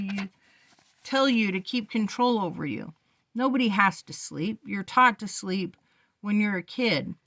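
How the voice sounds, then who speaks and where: A woman's voice: mid-range voice, no echo. Woman reading as an unhinged ranting teenage boy. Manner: shouting, scornful, rambling.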